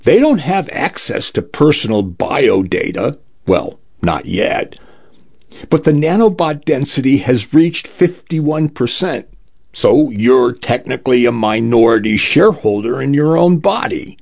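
A prim, fussy lawyer explains things in a measured, apologetic way, as a man reading the story puts him on. The voice is gravelly and a little husky, and the pace is slow. It sits on a dull, lo-fi recording. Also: medium pitch, sing-song, a little mellow, heavily acted. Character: polite, fussy male lawyer, slightly prim.

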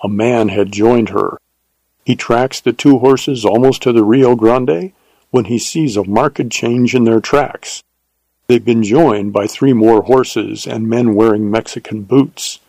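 A man narrating a western novel as an audiobook, in a measured, steady way. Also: mid-range voice, dry recording, poor audio.

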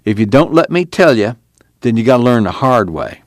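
A man's voice: fairly low pitch, animated, moderate pace, no room sound, studio quality. A man voicing a blunt, weary drifter. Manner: rural drawl, plainspoken and curt.

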